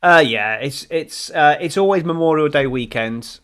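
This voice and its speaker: With a slightly high, bright, clear and resonant voice, this man co-hosts a laid-back motorsport podcast at a normal pace. He meanders through the standings, often restarting and filling gaps with ums.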